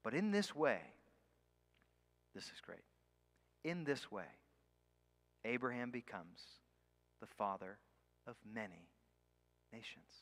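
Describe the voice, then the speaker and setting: A man's voice: medium pitch, big pitch swings, fairly bright tone. Man preaching in an echoing hall. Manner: emphatic, slows on key words, drops to near whisper. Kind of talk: sermon. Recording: long hall reverb.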